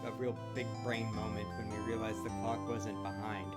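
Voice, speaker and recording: A man's voice: on the low side, little pitch movement, brisk, over loud music. A man chatting casually on a game stream, dropping dry, offhand quips. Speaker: co-player.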